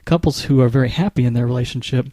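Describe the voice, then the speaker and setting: Mellow-voiced man explaining relationship advice. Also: mid-range voice, dry recording. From United States. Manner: measured, explanatory, with frequent small restarts. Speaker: marriage therapist. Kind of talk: instructional talk to camera.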